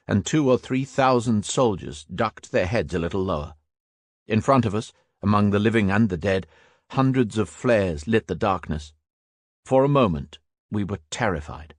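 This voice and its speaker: A man reading a war memoir audiobook as scripted narration, raising his voice for characters' shouts. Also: on the low side, dry recording, studio quality.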